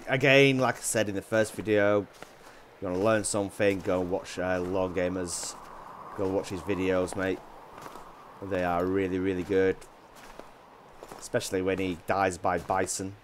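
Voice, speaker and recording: A man with a Yorkshire accent chatting casually while playing a hunting game, rambling with restarts and often dropping his voice low. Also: little pitch movement, normal speed, pauses often, slight background noise. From Yorkshire, England. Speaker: gaming YouTuber. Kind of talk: casual gameplay commentary.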